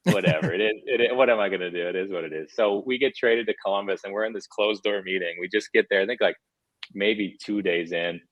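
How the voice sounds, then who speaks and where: Man, low voice, rambling, candid, lots of fillers, dull dry sound. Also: fast talker, fairly bright tone, no echo. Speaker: former hockey player guest. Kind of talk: casual interview chat.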